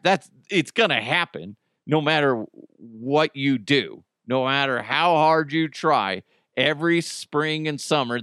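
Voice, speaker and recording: A man's voice: mid-range voice, fairly bright tone, smooth, no echo, clean studio sound. A middle-aged man hosting a podcast in casual chat, rambling and joking, swearing freely and laughing often. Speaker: podcast host.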